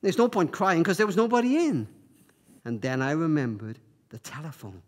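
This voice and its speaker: A man telling a story to an audience, speaking in a halting way with many repeated words. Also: a little high, lively intonation.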